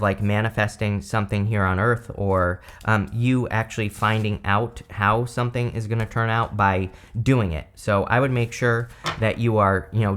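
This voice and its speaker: A man's voice: fairly low pitch, fairly bright tone. A man giving a casual tarot reading, talking loosely with many fillers and self-corrections. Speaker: tarot reader.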